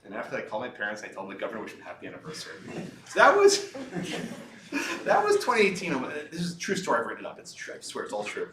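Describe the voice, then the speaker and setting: A man, a lawyer, giving a talk and telling a story from his own cases in a lively, anecdotal way, laughing at parts of it. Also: medium pitch, fast, roomy sound, distant mic. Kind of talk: storytelling lecture. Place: lecture room.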